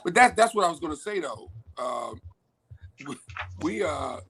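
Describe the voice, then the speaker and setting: A man from Washington, D.C. on a discussion panel, animated and frustrated, laughing as he talks. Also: on the high side, moderate pace, creaky, a little hiss or hum.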